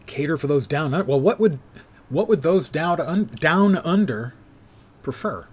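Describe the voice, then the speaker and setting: An older man in his sixties talks casually while playing a game live, his voice sitting a little high. He rambles easily between gameplay and small talk, dropping dry, self-mocking jokes. He sounds close to a desk mic at home. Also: expressive, measured pace, breathy edge. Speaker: streamer.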